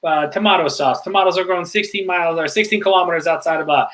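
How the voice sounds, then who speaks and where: A suave, self-assured Italian waiter, put on by a man relishes every word in short, clipped phrases. The voice sits a touch higher than an ordinary speaking voice and has a bright, forceful edge. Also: fairly even intonation. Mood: suave, proud. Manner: slow, savoring, clipped broken phrases. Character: suave Italian male waiter, confident and charming.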